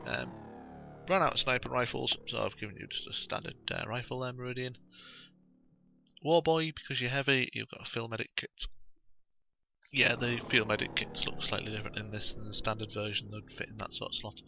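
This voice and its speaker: A man's voice: mid-range voice, fairly quick, gravelly, sharp tone, lo-fi sound, faint music behind. A man giving rambling, casual let's play commentary, full of ums and uhs.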